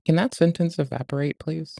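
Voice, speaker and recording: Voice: mid-range voice, fairly even intonation, a little fast, creaky, warm tone. A streamer in casual reaction chat, rambling and swearing, breaking off mid-thought to fiddle with the stream. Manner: rambling, sweary, self-interrupting.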